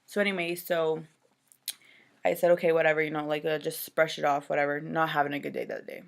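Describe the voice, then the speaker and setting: A woman's voice: low-pitched, expressive, fairly quick, vocal fry. A woman from Canada, a new mother, rambling through an upsetting personal story in casual talk full of "like" and "you know". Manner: upset and exasperated retelling.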